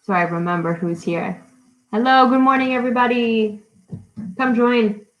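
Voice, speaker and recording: A woman, an English teacher, greeting children by name and leading a live-streamed storytime lesson with slow, bright questions. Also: a little high, muffled recording. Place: her home in a city.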